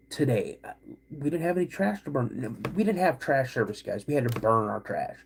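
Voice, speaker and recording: A middle-aged man hosting a podcast, telling a personal story in an animated way, acting out quoted voices and calling his listeners "guys". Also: mid-range voice, brisk, gravelly, a little hiss or hum. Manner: acts out quoted voices of his dad and himself. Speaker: podcast host.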